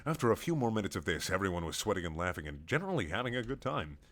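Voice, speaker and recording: A man's voice: sits low, very animated, racing, fairly bright tone. A man reading a playful fan story aloud as narrator. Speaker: reader.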